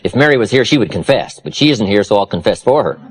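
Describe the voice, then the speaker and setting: Male motivational speaker, husky, very animated pitch, preacherly emphasis. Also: fast talker. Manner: preacherly, dramatic swings from low confiding to loud emphatic. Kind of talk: motivational seminar talk.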